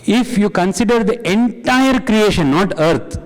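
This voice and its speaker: A man's voice: high voice, lively intonation, a little slow, few pauses. A man leading a spiritual group discussion. He quizzes the audience and repeats their answers back to them. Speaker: satsang discussion leader. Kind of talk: interactive spiritual talk. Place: hall with an audience. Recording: long hall reverb.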